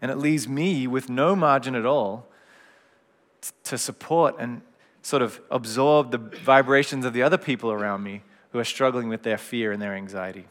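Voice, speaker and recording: A middle-aged man preaching a gentle, reflective sermon in a conversational way. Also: medium pitch, normal speed. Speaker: pastor. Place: church hall. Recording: long hall reverb.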